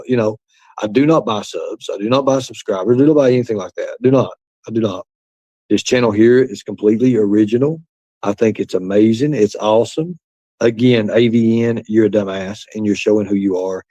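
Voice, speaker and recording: A man's voice: on the low side, darkish tone, dry recording. Rambling, profane man on a livestream. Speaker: livestream host. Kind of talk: livestream talk reading chat.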